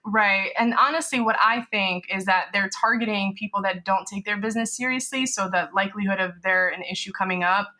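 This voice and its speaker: A woman's voice: medium pitch, fairly quick, hardly any pauses, pushed and bright. A woman business lawyer, a podcast guest, explaining legal risks in a conversational way, often adding "you know" and "right?".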